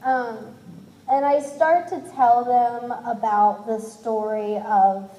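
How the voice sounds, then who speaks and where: A woman in her twenties tells a personal story in a candid, self-deprecating way, slipping into the voices of the people she describes. Her voice sits a bit high and sounds mellow rather than bright. It is recorded in an echoey room. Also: fairly even intonation, slow. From Cincinnati, USA. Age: 20s. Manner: candid, self-deprecating, acts out others' lines. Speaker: speaker sharing her testimony.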